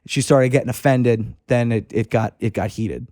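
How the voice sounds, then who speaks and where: A man's voice: medium pitch, normal speed, hardly any pauses, dark tone, dry recording. Podcast guest, man, mid-range voice, rambling swear-laden storyteller, dry room. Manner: rambling, profane anecdote-telling with frequent restarts. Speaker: podcast guest, fishing club member. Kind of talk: casual storytelling.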